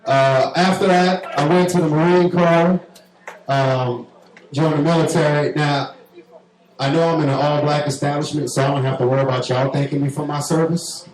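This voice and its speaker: A man's voice: on the high side, steady tone, moderate pace, a little mellow. A man from New Orleans with a New Orleans accent doing a profane, brash stand-up comedy set and working the crowd on a club stage. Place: club stage before a live audience. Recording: echoey club with audience noise.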